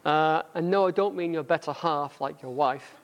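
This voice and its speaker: A man's voice: on the high side, normal speed, dull audio. Northern English man giving a sermon. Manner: conversational, self-deprecating, reads aloud. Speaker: church speaker. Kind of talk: sermon with a book reading.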